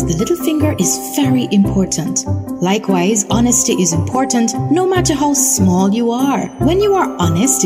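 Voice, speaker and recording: A woman reading a children's story aloud in a gentle, expressive way. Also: mid-range voice. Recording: loud music bed behind.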